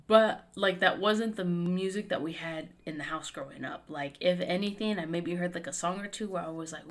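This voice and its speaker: A woman's voice: lowish voice, fairly quick, hardly any pauses, a bit bright. A young adult woman hosting a podcast in casual chat, emphatic, swearing often and full of fillers. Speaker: podcast host.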